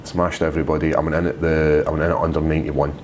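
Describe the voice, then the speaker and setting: A man with a Scottish accent in casual podcast chat, telling stories quickly and acting out what people said. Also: extremely low pitch, level tone, slight background noise. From Scotland. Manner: rapid storytelling with acted-out quotes. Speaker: podcast guest, fighter.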